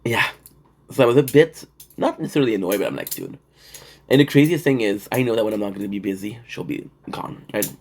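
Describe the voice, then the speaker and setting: A man's voice: fairly low pitch, fast, gravelly, breathy edge. A young man streaming and telling stories in casual, profane, rambling talk full of fillers. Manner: profane, animated storytelling with frequent fillers.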